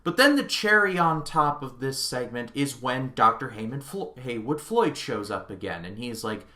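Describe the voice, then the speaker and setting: A man's voice: mid-range voice, big pitch swings, moderate pace, hardly any pauses, bright, forceful tone. A young man reviewing a movie in a casual video, chatting with amusement as he recounts the scenes. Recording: echoey room.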